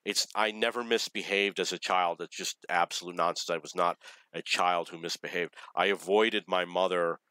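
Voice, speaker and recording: An adult man earnestly telling a personal story in a halting monologue, with many pauses and restarts. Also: deep voice, steady tone, sharp tone, smooth, no echo, rough recording. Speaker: vlogger.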